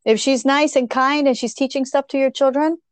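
Enthusiastic woman with a slightly high voice. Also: steady tone, fairly quick, dry recording. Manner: enthusiastic, casual, emphatic. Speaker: podcast co-host. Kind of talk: casual chat.

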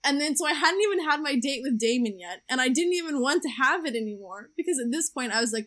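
A young woman with a fairly high voice chats casually with a co-host. She tells stories in a chatty, animated way and laughs along. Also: fairly quick, few pauses. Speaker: podcast co-host. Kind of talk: casual chat.

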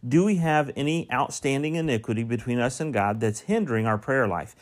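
A man preaching a sermon. He reads a psalm aloud, then explains it, asking the listeners direct questions and stressing key words. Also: mid-range voice. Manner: reads scripture slowly, then preaches with rising emphasis and questions. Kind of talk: sermon with scripture reading.

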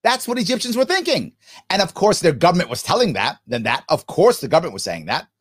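A man's voice: sits high, big pitch swings, fast, a bit bright, husky. A man hosting a podcast, reading listener comments and giving emphatic commentary that repeats its points. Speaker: podcast host. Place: New York City.

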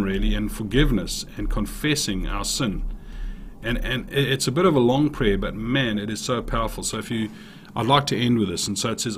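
A man's voice: lowish voice, a bit bright, slight background noise. A man preaching a sermon in an earnest way, telling a story and reading prayers aloud, often restarting his phrases. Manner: earnest, with frequent restarts and repeated words.

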